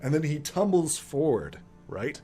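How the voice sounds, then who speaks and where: A man's voice: on the high side, very animated, measured pace, mellow, faint music behind. A man running a tabletop game as game master, narrating casually with lots of fillers and laughter.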